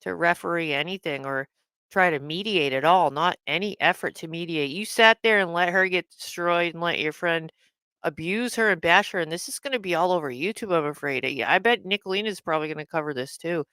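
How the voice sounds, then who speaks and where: A woman streamer reacts in indignant, repetitive commentary, her voice forceful and sharp. Her tone is smooth and clear. The sound is dry and close. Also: on the low side, brisk, no echo. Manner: indignant, repeats herself, swears. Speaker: livestream host.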